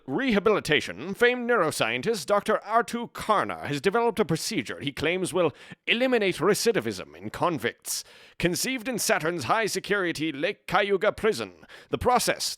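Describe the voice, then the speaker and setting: A man voicing a grand old-time male newsreel announcer with a booming, theatrical delivery. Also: fairly bright tone, no room sound.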